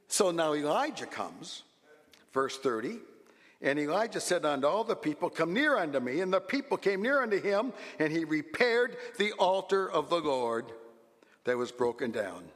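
A man preaches a sermon with a fairly high voice, dropping to quiet asides and then rising to loud exclamations. His words ring out with a long reverb that fills a church hall. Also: very animated, normal speed. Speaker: pastor.

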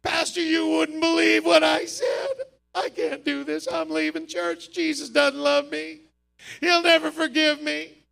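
A man's voice: very high-pitched, little pitch movement, a little slow, creaky, fairly bright tone, voice pushed up, heavily acted. A preacher acting out a panicky tearful new believer man. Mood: distraught. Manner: sobbing, pleading.

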